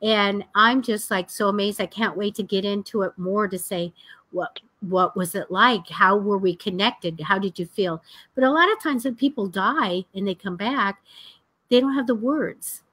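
A woman's voice: medium pitch, moderate pace, no room sound. Chatty, laughing woman psychic. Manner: chatty and animated, laughs often, blunt. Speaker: psychic co-host. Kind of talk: casual live-stream chat.

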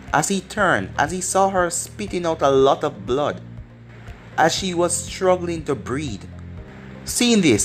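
Fan fiction narration, run-on sentences, animated pitch, faint music behind. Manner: run-on narration strung together with "as". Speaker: storyteller. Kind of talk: reading fan fiction aloud.

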